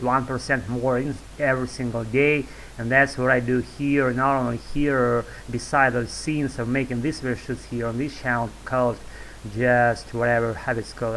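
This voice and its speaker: Casting: Russian-accented man, monotone wordy vlog ramble, light hiss. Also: mid-range voice, poor audio. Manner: wordy, loose, filler-heavy, restarts often. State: sore throat. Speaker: YouTube English-learning vlogger. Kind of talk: rambling monologue to camera.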